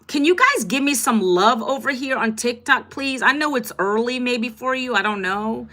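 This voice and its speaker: A woman's voice: fairly high pitch, expressive, normal speed, bright, forceful tone. A woman in her fifties, a content creator, chatting casually on a livestream, greeting viewers by name in an upbeat, chatty way. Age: 50s.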